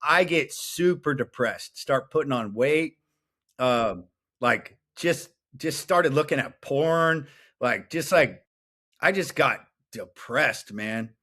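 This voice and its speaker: A man's voice: medium pitch, expressive, slow pace, bright, forceful tone. A man in his thirties, a podcast guest, telling his story in a blunt, profane, intense way. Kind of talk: casual interview chat.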